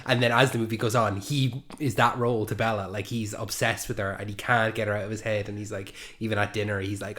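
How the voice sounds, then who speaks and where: A man's voice: on the low side, a little fast, few pauses, fairly bright tone. A man co-hosting a podcast, talking about a film in an enthusiastic, rambling way with many fillers. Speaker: podcast co-host. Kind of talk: casual film discussion.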